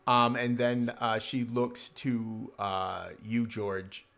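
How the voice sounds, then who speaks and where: A man narrating a tabletop game as game master, halting often with fillers. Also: mid-range voice, steady tone, gravelly, fairly bright tone.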